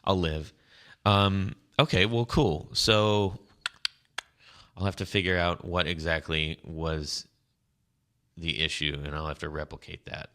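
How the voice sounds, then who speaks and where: A man's voice: low voice, fairly even intonation, sharp tone. A man co-hosting a guitar podcast in casual, rambling chat, breaking off and restarting his sentences. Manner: rambling, halting, laughs often. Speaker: podcast co-host.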